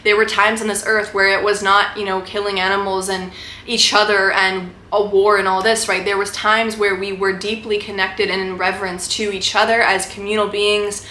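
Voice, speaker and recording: Speaking at a normal pace with a flat, sharp-toned, medium-pitched voice, a young woman delivers a fervent spiritual monologue to her camera. She rambles, leaning on "like" and "right?", while the echoey room carries faint background noise.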